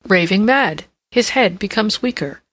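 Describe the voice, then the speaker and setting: A woman's voice: mid-range voice, expressive, a little slow, a bit bright, dry recording. A woman voicing a grave, confident male minister of police delivering reports, in an audiobook reading. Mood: earnest. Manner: earnest, reporting in formal tones.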